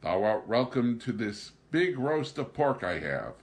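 A man's voice: sing-song, a little slow. A man voicing an exuberant, scheming young male drifter in a theatrical, raised voice. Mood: sly. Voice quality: theatrical, high and loud.

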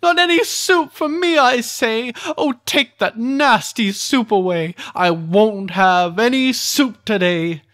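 A reader doing a shrill, bratty little boy. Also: takes it slowly, hardly any pauses, fairly bright tone. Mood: petulant screaming. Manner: shrill, whining screams. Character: bratty little boy refusing his soup.

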